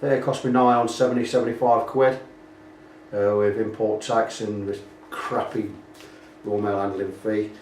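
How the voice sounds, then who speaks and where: A man's voice: fairly low pitch, little pitch movement, moderate pace, a little mellow, slight background noise. A British man talking casually through a guitar repair, rambling and pointing out faults as he goes. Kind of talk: casual workshop walkthrough. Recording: echoey room, mic at a distance.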